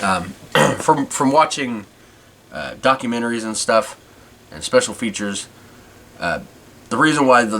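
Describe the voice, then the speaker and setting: A man's voice: lowish voice, fairly bright tone. A man hosting a podcast, chatting casually and rambling as he goes. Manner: rambling, many restarts. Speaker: podcast host. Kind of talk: casual chat.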